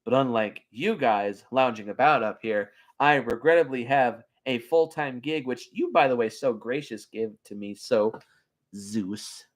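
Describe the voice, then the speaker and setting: An actor playing a sarcastic, smooth-talking male god of the underworld in animated film dialogue. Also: medium pitch, a little slow, close to an everyday voice. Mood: mocking.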